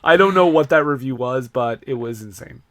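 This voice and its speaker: A man's voice: medium pitch, moderate pace, a bit bright. A man co-hosting a casual podcast, reading viewer reviews aloud with amused disbelief and frequent laughter. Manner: amused, incredulous, laughs often. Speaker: podcast co-host.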